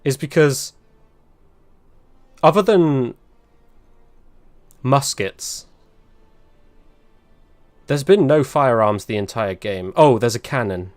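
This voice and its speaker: A man's voice: mid-range voice, slow pace, long pauses, no room sound, soft background music. A man commentating casually while live-streaming a game, chatty and rambling, laughing often and grumbling about the fight.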